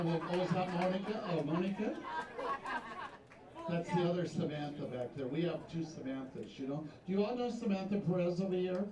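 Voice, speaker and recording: A fairly high-voiced man works a pageant stage, chatting and teasing the crowd between contestants. His voice carries from a distant stage microphone through an echoing hall, with audience noise around it. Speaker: pageant host. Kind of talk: live stage emcee banter. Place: large hall with live audience.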